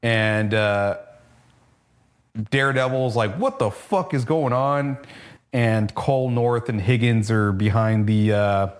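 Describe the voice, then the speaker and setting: A man's voice: fairly low pitch, takes it slowly. A man co-hosting a comic podcast, recapping a comic in a rambling, profane, casual way and briefly acting out characters' lines. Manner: rambling, swears freely, acts out cops' lines in passing. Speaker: comic book podcast co-host.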